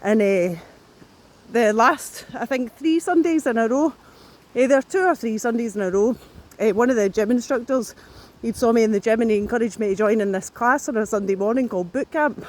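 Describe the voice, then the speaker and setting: A woman's voice: on the high side, fairly quick, a little mellow. A woman talking to her camera as she walks along outdoors, out of breath between phrases. Her speech rambles, doubles back on itself and breaks into swearing. The tone stays loose and unscripted throughout. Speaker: vlogger. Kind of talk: casual talk to camera.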